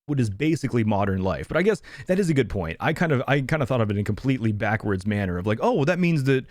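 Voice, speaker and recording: A man's voice: on the low side, expressive, racing, darkish tone, no echo. A man co-hosting a casual podcast over a video call, thinking aloud with lots of restarts and fillers. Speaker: podcast co-host.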